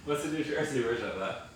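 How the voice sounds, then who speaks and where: A man chiming in from off camera in a teasing, dry way. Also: medium pitch. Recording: distant, very echoey, noisy room.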